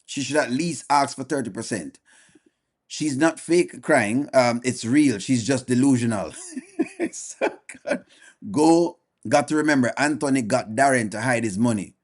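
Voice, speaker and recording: A man with a medium-pitched voice, speaking a little slowly, hosts a live reaction stream. He gives casual commentary, bluntly naming viewers and going over his points again for emphasis.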